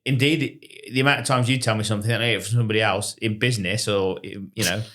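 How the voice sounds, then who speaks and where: A man co-hosting a podcast, chatting in a relaxed, reflective way. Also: lowish voice, fast talker. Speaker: podcast co-host. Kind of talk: casual chat.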